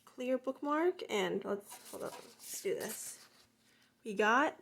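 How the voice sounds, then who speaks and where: A woman with a high voice narrates an unboxing in a loose, casual way. She is gushing and excitable, prone to gasps and squeals. Now and then she drops to a hushed whisper. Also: takes it slowly, vocal fry, slightly rough. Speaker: unboxing vlogger.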